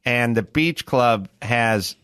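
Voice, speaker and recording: Middle-aged guy rambling on a podcast, mid-pitch voice, super dry mic. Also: slow pace, a bit bright, smooth, no room sound. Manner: rambling observational storytelling. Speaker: podcast host. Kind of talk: casual podcast chat.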